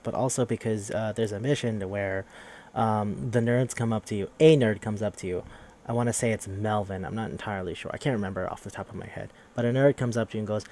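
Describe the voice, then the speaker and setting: A fairly low-voiced man talks through a video game's story in a loose, rambling podcast style. He swears freely and slips into quick voices for the characters as he goes. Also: a little mellow, a little hiss or hum. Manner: rambling, profane, acts out characters' lines. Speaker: podcast host. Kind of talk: casual podcast game recap.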